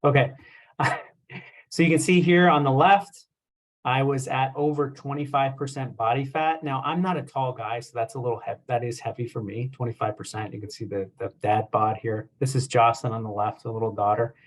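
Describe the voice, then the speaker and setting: A man's voice: mid-range voice, fairly even intonation, fairly quick. A young man, a chiropractor, giving a casual talk and telling a self-deprecating story with lots of fillers. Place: presentation with slides.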